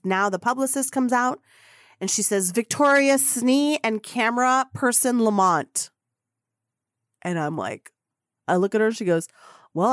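A woman podcast host telling a story in an excitable way, acting out the voices of the people in it. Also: medium pitch, no room sound, clean studio sound. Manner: acts out quoted voices, excitable. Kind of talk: animated storytelling.

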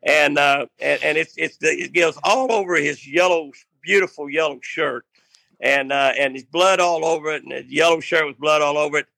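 Older guy telling a fishing yarn, gravelly and bright, dry close sound. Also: on the high side, normal speed, no echo. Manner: rambling, self-interrupting, laughing at his own tale. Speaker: guest storyteller. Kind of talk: casual anecdote telling.

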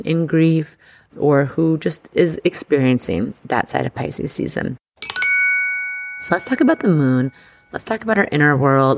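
Woman, podcast host, gravelly fry, chatty and excitable, casual monologue. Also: low-pitched.

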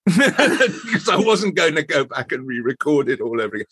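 A man's voice: on the high side, sing-song, normal speed, fairly bright tone, husky, dry recording. A man, an actor guest telling a chatty, self-deprecating anecdote. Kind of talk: casual anecdote.

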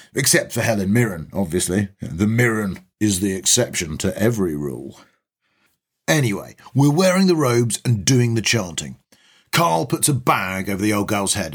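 A man's voice: fairly low pitch, slightly rough. A man reading a comic short story aloud in a wry, chatty first-person voice.

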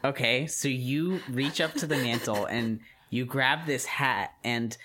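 A woman running a tabletop game as game master, casual and quick to laugh, saying "y'all". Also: a bass voice, fairly bright tone, slight background noise.

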